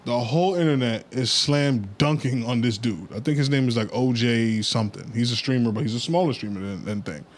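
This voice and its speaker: A man's voice: mid-range voice, fairly quick, few pauses. A man hosts a casual podcast in a loose storytelling manner. He drops blunt opinions in an easygoing way. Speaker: podcast host. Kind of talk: casual chat.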